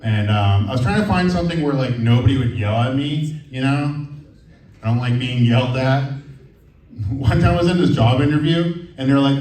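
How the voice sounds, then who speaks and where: A man's voice: mid-range voice, normal speed, a little mellow. A man in his thirties doing a stand-up comedy set, rambling and hesitant with lots of fillers. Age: 30s. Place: comedy venue with live audience. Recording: roomy, from far off.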